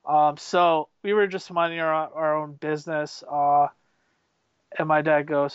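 A man casually telling excitable, rambling stories, full of fillers and restarts. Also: on the high side, a little slow, clear, resonant tone, no echo, dull audio. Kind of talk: casual storytelling chat.

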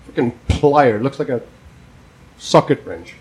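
A young man co-hosting a podcast, telling a story in a casual, animated and profane way. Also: mid-range voice, measured pace, breathy edge, low-quality recording. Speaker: podcast co-host.

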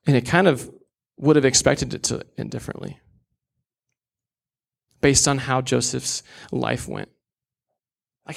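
A man's voice: mid-range voice, gravelly, fairly bright tone. A young man preaching a sermon in an earnest, candid way, with casual asides.

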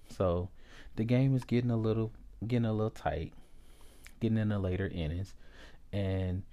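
A man in his forties from Ohio, hosting a podcast and telling a personal story, unhurried and halting, with frequent restarts. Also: lowish voice, dark tone. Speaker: podcast host.

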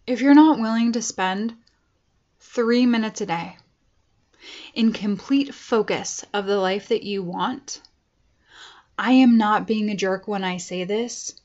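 A woman's voice: medium pitch, a little mellow, dull audio. A woman life coach giving a casual motivational talk to her viewers, earnest and chatty with tough-love asides.

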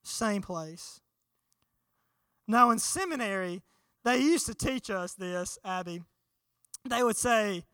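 A young man preaching a sermon, telling a childhood story in an animated way and acting out the voices. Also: sits high, normal speed, pauses often, smooth, no room sound. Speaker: pastor.

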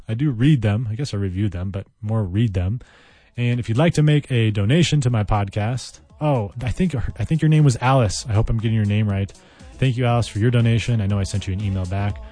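A man hosting a casual solo vocabulary podcast, talking in a playful, rambling way with big swings in pitch and loudness. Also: no room sound, studio quality.

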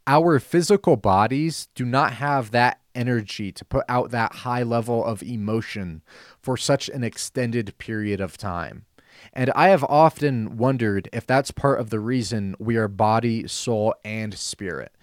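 A man hosting a Christian talk show, speaking earnestly and measured, repeating phrases for emphasis. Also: medium pitch, no echo, clean studio sound. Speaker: host.

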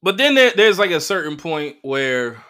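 Brief: male comedian host, solo chat, a touch high, bright and punchy, swears freely. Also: moderate pace, smooth. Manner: profane, animated storytelling with voiced quotes. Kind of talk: casual solo monologue.

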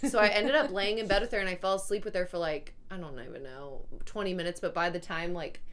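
A woman's voice: fairly low pitch, fast talker, fairly bright tone. A young pregnant woman in casual chat, telling a long story with plenty of "like" fillers. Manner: rambling, filler-heavy storytelling.

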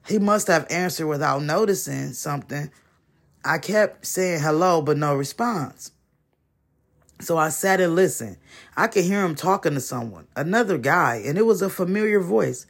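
A man reading a first-person short story aloud, measured and with dramatic pauses. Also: a little high, lively intonation, vocal fry, fairly bright tone. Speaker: story reader.

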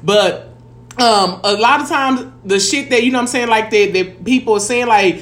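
A woman's voice: a little high, normal speed. A woman, co-hosting a casual chat, blunt and profane, who keeps saying "you know what I'm saying.".

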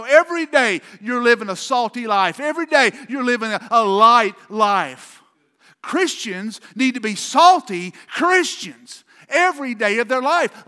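A man's voice: extremely high pitch, sharp tone, clear, resonant tone, long reverb tail. A man pastor preaching a sermon with an emphatic, repetitive cadence, speaking in a church sanctuary.

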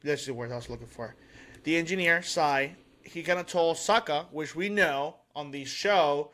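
Halting higher-voiced man on a podcast. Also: pushed and bright. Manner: halting, searching for words. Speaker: podcast co-host. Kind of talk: casual podcast chat.

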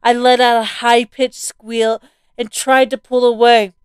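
Smooth-voiced woman narrating a horror tale. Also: fairly high pitch, a little slow, dry recording. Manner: steady, vivid storytelling. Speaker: story narrator. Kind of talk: scripted first-person horror narration.

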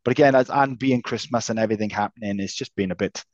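A man's voice: lowish voice, fast, no echo. A man co-hosting a podcast, talking casually and teasing his co-host, with the odd swear word. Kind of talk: casual chat. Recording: slightly dull lo-fi sound.

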